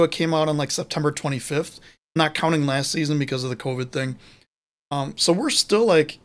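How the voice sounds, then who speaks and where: Guy cohosting a live soccer stream, kinda high voice, rambly casual chat. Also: clean tone. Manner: rambling, self-correcting, chatty. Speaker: podcast co-host.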